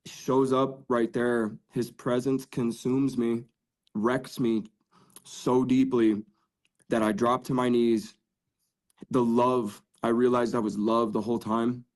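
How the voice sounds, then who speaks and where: A man's voice: mid-range voice, a little mellow. A man on a podcast telling his faith testimony in an earnest, casual way, full of "dude" and "like". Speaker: podcast guest.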